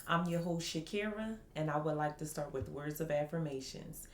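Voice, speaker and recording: A woman hosting a personal podcast, reciting slow affirmations and speaking candidly. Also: low-pitched, reverberant, a little hiss or hum. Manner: slow, soothing affirmations, then candid storytelling. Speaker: podcast host.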